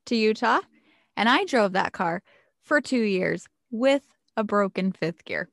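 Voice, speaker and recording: Gravelly woman with dry quips. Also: medium pitch, expressive, no room sound. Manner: dry, quick quips with laughs. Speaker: podcast guest. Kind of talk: casual chat.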